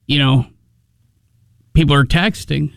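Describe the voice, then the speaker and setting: A man's voice: fairly high pitch, fairly even intonation, takes it slowly, vocal fry, smooth, no room sound, studio quality. A male radio show host chatting casually in an earnest, emotional, rambling way.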